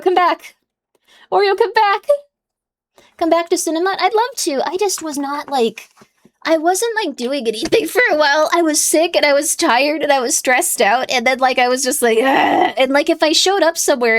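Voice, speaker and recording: Streamer, young woman, slightly high-pitched, loose and rambling live chat. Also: expressive, a little fast. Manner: chatty, rambling, coos at her cat in a high baby voice.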